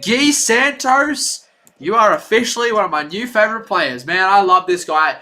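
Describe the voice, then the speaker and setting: A young man hosts a live basketball stream with rambling, chatty commentary. His voice sits high and bright, and it swings widely in pitch as he gets excited. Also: brisk. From Australia. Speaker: livestream play-by-play host.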